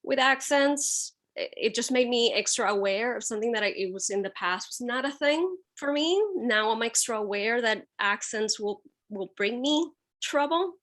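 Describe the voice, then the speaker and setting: Animated Puerto Rican woman, slightly high. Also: normal speed, few pauses. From Puerto Rico. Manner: animated storytelling, acting out other people's remarks. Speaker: photojournalist panelist. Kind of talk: casual anecdote on a panel.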